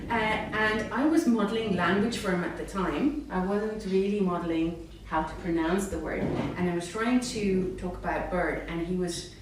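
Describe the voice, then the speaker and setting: A woman speech therapist giving a live talk to parents, animated, acting out words in a sing-song voice. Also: mid-range voice. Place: hall with a live audience. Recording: echoey room, mic far off, faint noise.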